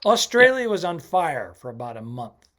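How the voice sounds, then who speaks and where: A male comedian chatting casually on a podcast, often pausing with ums and restarts. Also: a little high, big pitch swings, fairly bright tone. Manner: easygoing, hesitant, many ums. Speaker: touring comedian, podcast co-host.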